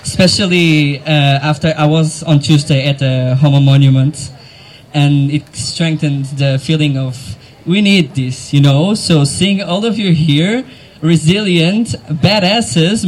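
A man working as MC at an outdoor gathering, speaking emotionally and haltingly, with frequent fillers and small laughs. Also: a little high, rough recording. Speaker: event MC. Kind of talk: live outdoor event hosting. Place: outdoor event crowd gathering.

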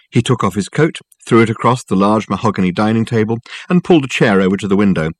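A man's voice: on the low side, no room sound. Man reading a novel aloud, dry and close. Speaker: audiobook reader. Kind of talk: scripted narration.

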